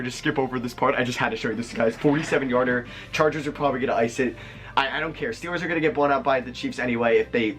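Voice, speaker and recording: A man giving casual, chatty gameplay commentary to his viewers, rambling and easily excited. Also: medium pitch, fast, faint music behind. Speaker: gaming video creator.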